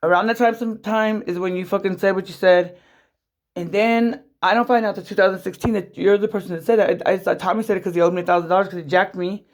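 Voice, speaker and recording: A middle-aged woman talks straight to her audience in a personal vlog, telling a long story that still stings. She rambles, swears freely and restarts her sentences again and again. Her voice sits at a middle pitch and leaps up sharply in disbelief. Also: fairly even intonation, quick pace. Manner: rambling, profane, many restarts, voice jumping up when upset. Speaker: vlogger. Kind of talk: emotional personal storytelling monologue.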